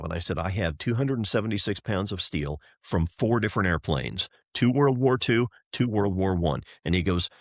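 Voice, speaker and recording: A man's voice: fairly low pitch, expressive, brisk, few pauses, no echo, studio quality. A middle-aged man, a race driver and entrepreneur, telling an enthusiastic story as a podcast guest, acting out the voices of people he quotes. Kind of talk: animated storytelling in a podcast interview.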